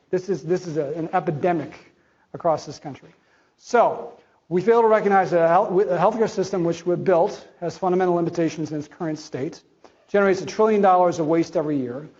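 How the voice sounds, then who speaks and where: A man with a fairly high voice gives a conference talk in a blunt, conversational way, tossing in slangy asides. The audio is dull and lo-fi. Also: darkish tone. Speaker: chief medical officer giving a conference talk.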